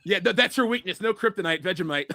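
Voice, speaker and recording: A man co-hosting a casual pop culture podcast, riffing fast and hyped up, saying "dude" a lot. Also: high voice, lively intonation, noisy background. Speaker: podcast co-host.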